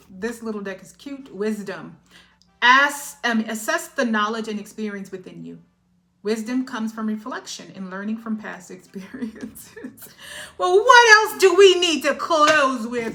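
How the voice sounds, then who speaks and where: A woman's voice: mid-range voice, bright, forceful tone. A woman giving a collective tarot reading in a chatty, emotional way, often laughing and checking in with "all right?". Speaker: tarot reader.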